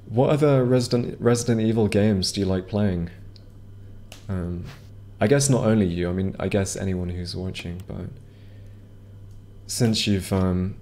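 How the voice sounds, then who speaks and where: Low-voiced man rambling over gameplay. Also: fairly even intonation, a little slow, pauses often, warm tone. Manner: rambling, hesitant, many ums and restarts. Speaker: streamer. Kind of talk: casual gameplay commentary. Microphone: headset or desk mic.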